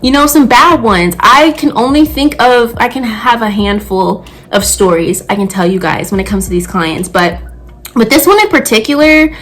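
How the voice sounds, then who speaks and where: A woman in her twenties, a nail technician, telling a story in a blunt, profane, animated rant. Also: a little high, moderate pace, a little hiss or hum, low-quality recording. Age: 20s.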